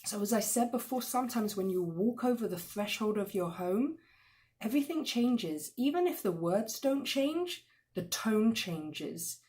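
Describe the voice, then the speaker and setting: An expressive woman leads a class on respect in marriage and family. She teaches with energy and acts out the voices of the people in her examples with sudden loud bursts. Her voice sits at a middle pitch. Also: measured pace.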